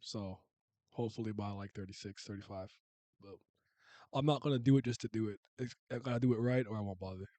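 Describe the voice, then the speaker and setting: A man's voice: lowish voice, fast talker, dark tone, no echo. A man in his thirties, from Canada, chatting casually and rambling with viewers as a streamer. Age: 30s. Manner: rambling, restarts and laughs, uses slang.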